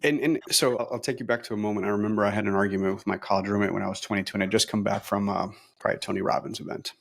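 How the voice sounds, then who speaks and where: A middle-aged man talking as an interview guest, energetic and optimistic, with many fillers and restarts. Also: fairly low pitch, very fast, gravelly. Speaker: brokerage leader, interview guest. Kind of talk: casual interview talk.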